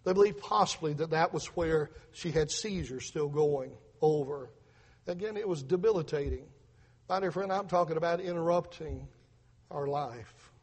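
A middle-aged man delivers an earnest testimony sermon, retelling events with repeated words and acted-out voices. His voice sits high and sounds husky. A long reverb trails behind him. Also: normal speed, a little mellow. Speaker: preacher, father telling testimony.

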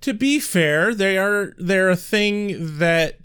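A man co-hosting a podcast in casual chat, measured and wry, sometimes rambling. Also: sits high, fairly bright tone, smooth. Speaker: podcast co-host.

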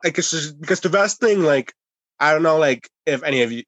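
A man's voice: a little high, a little fast, no echo, poor audio. Swearing, storytelling podcast guy. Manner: animated anecdote-telling, heavy filler and swearing. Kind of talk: casual podcast chat, storytelling.

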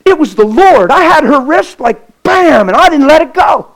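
A pastor preaching a sermon with stories, impassioned and folksy, swinging from loud to hushed. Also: male voice, extremely high pitch, very animated, normal speed, low-quality recording. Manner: folksy, plain-spoken. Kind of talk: sermon with storytelling.

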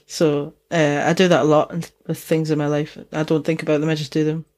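Scottish woman from dundee, bit of geordie in there, low-ish voice, laughs a lot, swears casually. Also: flat delivery, brisk, darkish tone. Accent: Dundee Scottish with Geordie mix. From Scotland. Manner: laughs often, chatty and swearing. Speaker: podcast co-host. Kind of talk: casual chat.

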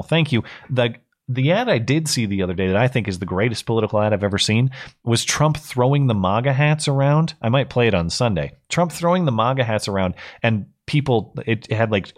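A man in his thirties hosting a live call-in stream, giving blunt, opinionated commentary with frequent restarts. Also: on the low side. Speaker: call-in show host.

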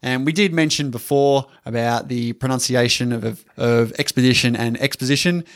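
A man's voice: medium pitch, steady tone, normal speed. A man co-hosting a casual podcast about films, laughing easily and tripping over words. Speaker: podcast co-host.

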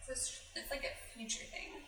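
A woman co-hosting a casual chat, giggly and animated as she recaps a story and acts out its lines. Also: fairly quick, roomy sound, distant mic, rough recording. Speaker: podcast co-host recapping an adult anime.

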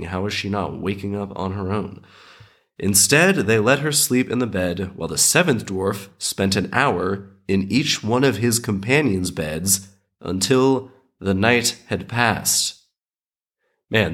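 A man's voice: fairly low pitch, a bit bright. A man reading a fairy tale aloud and breaking off into sarcastic, joking tangents, while recovering from an illness. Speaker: storyteller and podcast host.

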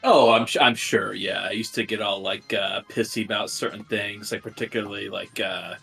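A man co-hosting a casual sports podcast, with a gravelly voice and a sardonic, joking manner. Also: on the low side, steady tone, normal speed, sharp tone, faint music behind. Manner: sardonic, joking, mock conspiratorial. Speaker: podcast co-host. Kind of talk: casual fantasy football chat.

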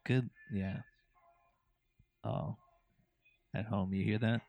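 A man's voice: lowish voice, steady tone, slow, darkish tone. A man co-hosting a podcast in casual chat, talking in a laid-back, rambling way. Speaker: podcast co-host.

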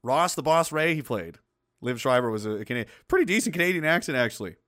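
A man's voice: medium pitch, lively intonation, fast, fairly bright tone. A man hosting a casual chat, rambling, swearing and laughing as he talks. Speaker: host.

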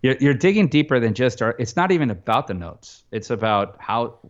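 A man's voice: medium pitch, expressive, fairly quick, highs cut off. A man, a film composer, talking casually in an interview, rambling with lots of restarts and fillers.

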